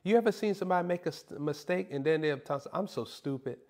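A man's voice: high-pitched, racing, darkish tone. A man preaching a sermon in a comedic, playful way, teasing and mock-scolding his listeners.

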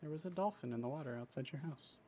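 A man's voice: on the high side, quick pace. A man streaming a modded block-building game, chatting casually with wry, profane self-deprecation. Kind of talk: casual gaming chat. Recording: loud background noise on stream audio.

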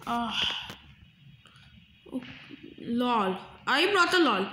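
High-voiced woman, bright tone, excitable gaming commentary, slow drawn-out speech, faint hiss. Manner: excitable, dramatic outbursts, sing-song humming. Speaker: gaming vlogger. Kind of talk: live game commentary.

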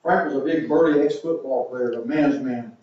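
A man's voice: mid-range voice, normal speed. A man preaching a sermon as pastor, telling jokes with the congregation laughing, then reading scripture aloud. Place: church sanctuary. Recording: echoey church room, distant mic, dull sound.

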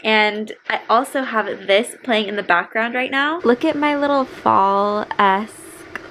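A young woman talks through her reading at home in a bright, forward voice. She is excitable and chatty, piling on "like" as she gushes. A faint hiss of background noise sits under her voice. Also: on the high side, a little slow. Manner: gushing, excitable, lots of "like". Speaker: book vlogger. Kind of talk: casual reading vlog chat. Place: home, cozy room with rain and fire ambience playing.

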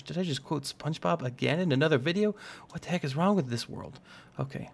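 A man's voice: fairly high pitch, fairly quick, vocal fry. A young man casually talking through a building game, rambling and poking fun at himself. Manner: rambling, self-mocking and jokey. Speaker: gaming channel host. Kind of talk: casual let's-play commentary.

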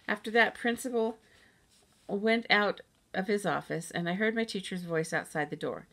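A woman reads a children's audiobook aloud in a lively first-person manner, with a middle-range voice. She tells the story in the voice of a child looking back. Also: mid-range voice, normal speed. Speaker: audiobook reader.

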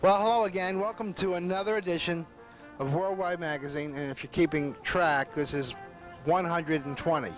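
A man's voice: on the high side, fairly even intonation, moderate pace, soft background music. A man hosting a casual on-location talk show, talking in a folksy, rambling way. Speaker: host.

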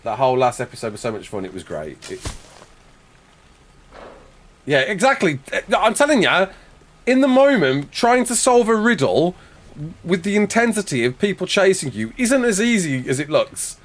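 A man's voice: high voice, sing-song, normal speed. A young English man streaming a game live, chatting casually and reading viewer comments aloud as he answers them. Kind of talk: casual live-stream chat while gaming. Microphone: desk mic with face cam.

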